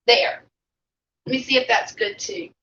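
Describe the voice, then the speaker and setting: A middle-aged vlog host from the Mississippi Gulf Coast chats with live-stream viewers in a Southern US accent while she eats, chatty and homey. Her voice is a little high, pushed and bright, with a steady tone and unhurried pace. The lo-fi stream audio is dull, with slight background noise.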